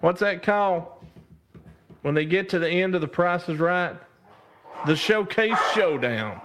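A man's voice: medium pitch, a bit bright, a little hiss or hum. A man hosting a casual live stream, reading out viewer comments, laughing often and calling out to God.

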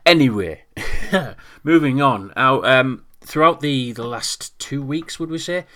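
A man's voice: medium pitch, lively intonation, slow pace, bright, forceful tone. A man co-hosting a podcast in casual chat, joking, laughing often and trailing off mid-sentence. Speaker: podcast co-host.

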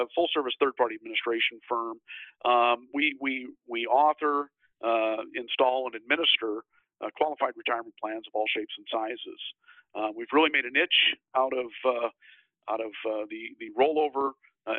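Halting man on a tinny line. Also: medium pitch, dry recording. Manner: hesitant, many fillers and restarts. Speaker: guest, financial firm CEO. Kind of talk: casual interview talk. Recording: tinny phone-like line, dry.

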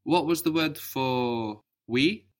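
A male teacher with a mid-range voice gives a spoken language lesson slowly and deliberately. He explains with patience, carefully repeating words so his student can copy them.

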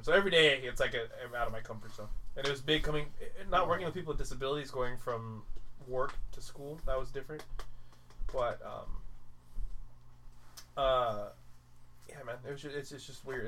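A man's voice: mid-range voice, brisk, bright, forceful tone, a little hiss or hum, poor audio. A man chatting on a podcast, rambling through a story and saying "like" often. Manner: rambling storyteller, heavy use of "like". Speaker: podcast co-host. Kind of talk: casual chat.

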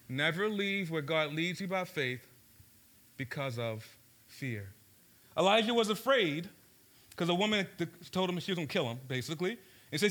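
A man's voice: high-pitched, bright, forceful tone. A man from Baltimore preaching a sermon to a live audience, engaging the crowd with questions and telling stories with shifting pace. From Baltimore, USA. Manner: storytelling, shifts pace for emphasis.

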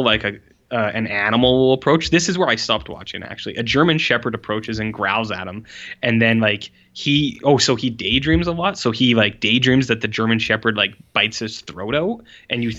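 Bright-voiced rambling young man. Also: medium pitch, lo-fi sound. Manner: rambling, filler-heavy, exasperated. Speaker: podcast co-host. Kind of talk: casual chat.

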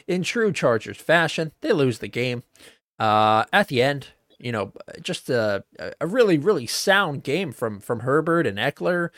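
A man's voice: mid-range voice, creaky, no echo, studio quality. A man co-hosting a sports podcast, talking in a loose, casual way with lots of fillers and the odd swear word. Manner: loose and profane, many fillers. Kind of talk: casual chat.

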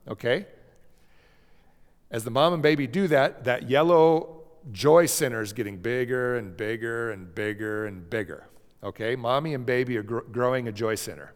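A man speaks in a gentle teaching voice, pausing now and then to check in with his listeners. His pitch sits in a middle range. The sound carries a long reverb, as if from a large hall. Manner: gentle, repeats "okay?" to check in; drops to a soft cooing voice when acting out a parent. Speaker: speaker teaching about emotions. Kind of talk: slide lecture on child emotional development.

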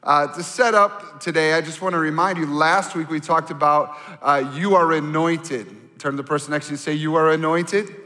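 A male pastor preaching a sermon to his congregation in an animated, conversational way, asking the audience to turn to their neighbors. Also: a little high, normal speed, hardly any pauses. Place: church sanctuary. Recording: long hall reverb.

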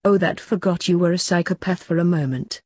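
The dismissive king of the grim reapers , read by a woman, speaking with dry fatherly indifference. The voice is low and husky, in a close, dry sound. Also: brisk, a little mellow, dry recording.

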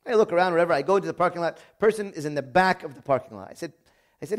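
A middle-aged man preaching a sermon with a slightly high voice. He tells stories earnestly, sinking to near-whispered confession and then climbing to loud, emphatic peaks. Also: very fast. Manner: earnest storytelling, swings from quiet confession to raised emphasis. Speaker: priest.

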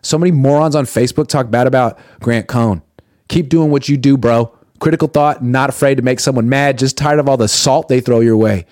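A blunt, opinionated man chats loosely on a sports stream, reading out viewer comments and firing back plain-spoken takes. His voice sits at an everyday middle pitch. The sound is dry and close, with no room around it. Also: brisk, darkish tone, no room sound. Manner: blunt, opinionated, swears casually, reads viewer comments aloud. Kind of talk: casual live-stream chat.

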